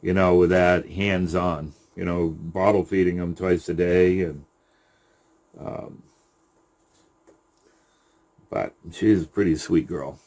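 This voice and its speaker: Slow, deep-voiced man talking about his rabbits. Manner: unhurried and halting, with many fillers and restarts, cooing softly to the rabbits. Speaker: rabbit breeder. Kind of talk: casual video update.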